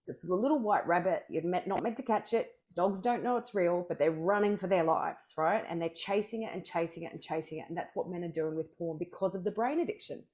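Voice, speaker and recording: A middle-aged woman guest in a candid interview. She has a slightly low voice and talks with driving energy, doubling back on her words and pushing each point hard. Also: a little fast, hardly any pauses. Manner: energetic, emphatic storytelling with frequent restarts. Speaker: sexual wellness coach, interview guest.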